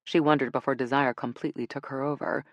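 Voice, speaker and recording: Gravelly low-voiced woman narrating. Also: fast talker, no echo, highs cut off. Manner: relaxed, expressive storytelling. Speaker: audiobook narrator. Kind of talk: scripted narration.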